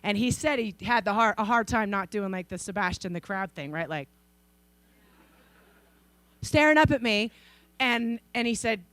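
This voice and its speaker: A woman in her forties from Idaho giving a conference keynote, telling stories in a lively way and acting out the people in them. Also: mid-range voice, normal speed, pauses often, no echo. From Idaho, USA. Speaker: keynote speaker. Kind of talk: storytelling speech. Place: conference stage.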